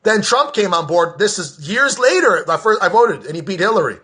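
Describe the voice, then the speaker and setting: A man's voice: high voice, sing-song, fairly quick, pushed and bright. A young adult man giving an impassioned, profane political rant, repeating himself for emphasis. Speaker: political vlogger. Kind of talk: impassioned ranting monologue.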